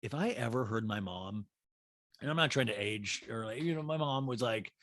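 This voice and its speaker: A man's voice: mid-range voice, animated, normal speed, a bit bright, no room sound, clean studio sound. A man hosting a podcast, recapping a TV show in casual, sarcastic, rambling asides. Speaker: podcast host.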